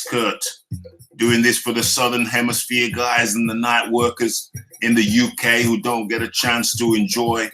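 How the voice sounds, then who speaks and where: A man's voice: medium pitch, bright, forceful tone. A British man hosting a live boxing talk stream, joking and teasing his viewers in a loose, repetitive chat. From United Kingdom. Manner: jokey, teasing, chatty with viewers; laughs often, repeats phrases. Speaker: boxing talk show host.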